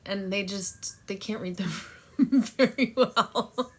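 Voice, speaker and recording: A young woman on a TikTok phone livestream tells a story and chats in a brash, profane way, thanking viewers for gifts. Her voice is medium-pitched and slow.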